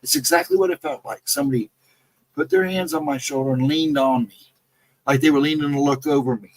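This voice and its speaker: A man's voice: a little high, big pitch swings, brisk, gravelly, dry recording, rough recording. A man voicing his frightened friend at camp, urgent and insistent while retelling what happened. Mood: spooked.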